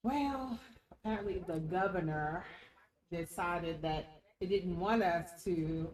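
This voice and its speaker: A woman's voice: on the low side, slow pace, distant mic. Woman co-host telling a story in an echoey room. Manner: lively, laughs easily, storytelling. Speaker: radio show co-host. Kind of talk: casual chat. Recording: echoey room, away from the mic.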